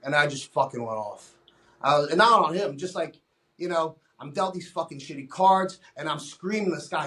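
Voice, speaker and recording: A man's voice: on the high side, lively intonation, fairly quick, fairly bright tone. A young adult man, a podcast guest, telling his own story candidly in a blunt, profane way, often restarting his sentences.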